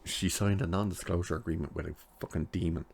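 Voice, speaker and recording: A man's voice: sits low, steady tone, quick pace, gravelly, a little mellow, breathy edge. A man giving a chatty, sarcastic recap of a TV episode, laughing at his own jokes. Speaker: TV episode reviewer.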